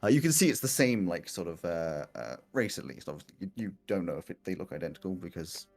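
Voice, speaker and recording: A male game master with a lowish voice that swings widely in pitch. He narrates a tabletop game in loose, chatty talk, laughing often and stumbling through fillers. Faint music plays underneath. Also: animated, fast.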